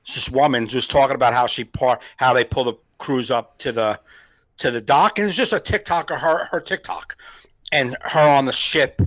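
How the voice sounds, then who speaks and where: A man's voice: medium pitch, normal speed, fairly bright tone, no room sound. Jersey-accented male comedian co-host, dry close sound, playful riffing, frequent laughs. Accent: New Jersey. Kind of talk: casual chat.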